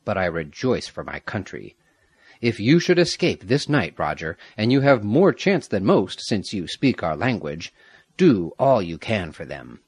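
A man reading the part of a proud young Aztec prince who is mortally wounded, solemn and grave, with a husky voice. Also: fairly low pitch, very animated, measured pace, a little mellow, no echo, full character voice.

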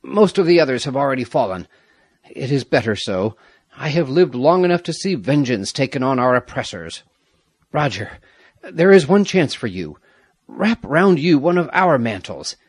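A man reading the part of a proud young Aztec prince who is mortally wounded, solemn and grave, with a husky voice. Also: mid-range voice, sing-song, normal speed, dry recording, pitched above the performer's own voice. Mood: urgent.

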